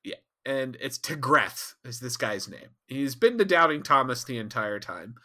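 A man co-hosting a podcast, telling a rambling, animated recap with frequent asides. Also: medium pitch, normal speed. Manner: rambling, animated, laughs often. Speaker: podcast co-host. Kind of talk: casual recap chat.

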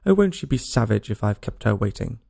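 Man playing anxious white rabbit, muttering, hurried, storybook, gravelly. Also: lowish voice, sing-song, mellow, no echo, studio quality, exaggerated voice. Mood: panicked. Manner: muttering to himself in a hurry. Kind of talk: storybook reading.

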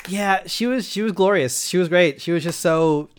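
A man's voice: high voice, smooth. Rambling man telling a personal story. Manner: rambling, halting, heavy on fillers and restarts.

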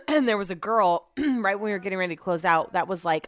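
A woman's voice: mid-range voice, expressive, moderate pace, a bit bright, dry recording, studio quality. A woman chatting casually at home as a vlog host, sarcastic and swearing freely. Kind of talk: casual chat.

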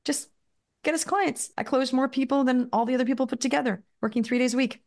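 A woman's voice: sits high, steady tone, very fast, a little mellow. A woman in her fifties, a podcast guest telling chatty anecdotes full of "like" and "you know.". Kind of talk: casual storytelling interview.

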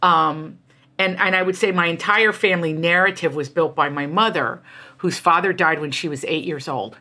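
A middle-aged woman author talks as an interview guest, her lowish voice bright and forceful. She tells stories candidly and emphatically, with animated asides and a driving push behind her words. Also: moderate pace. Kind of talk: candid conversational storytelling.

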